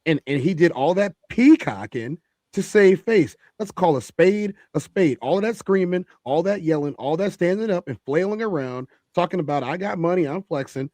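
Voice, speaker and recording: A man's voice: sits high, lively intonation, moderate pace, mellow, dry recording. A man hosting a heated panel discussion, emphatic and repeating phrases for stress.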